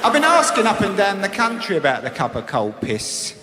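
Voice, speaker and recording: A man's voice: sits high, wildly swooping pitch, a little fast, heavy background noise. A man performing a stand-up routine, talking in blunt, sweary banter. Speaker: stand-up comedian. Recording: echoey live hall, loud audience.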